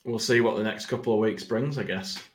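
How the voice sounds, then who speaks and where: A man's voice: lowish voice, brisk, reverberant. A man hosting a casual podcast chat, rambling and self-mocking, easily breaking into laughter. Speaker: podcast host.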